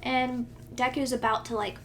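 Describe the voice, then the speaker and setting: A woman's voice: on the high side, little pitch movement, normal speed, fairly bright tone, a little hiss or hum. A young woman co-hosting a podcast, animatedly retelling a fanfic with frequent laughter. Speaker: podcast co-host. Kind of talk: casual chat, retelling a fanfic.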